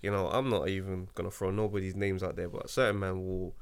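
Stand-up guy, deep voice, rattles it off quick. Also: creaky, clean tone. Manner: animated, emphatic, slangy. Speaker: stand-up comedian. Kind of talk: casual podcast chat.

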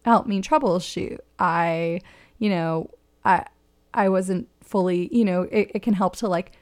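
A woman's voice: lowish voice, unhurried, a little mellow, no room sound, studio quality. A woman hosting a casual conversation, reflective and affirming, often restarting her sentences and laughing easily. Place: her own home.

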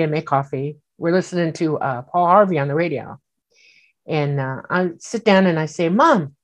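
A woman telling a personal story in casual speech, animated and acting out the voices she quotes, with many fillers. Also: on the low side, normal speed. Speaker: guest recounting an experience.

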